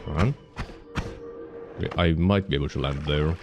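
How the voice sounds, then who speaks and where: Deep-voiced Finnish man streaming a game. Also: normal speed, dull audio, over loud music. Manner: rambling, self-correcting, explains mechanics as he plays. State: hiccuping. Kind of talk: casual gameplay commentary.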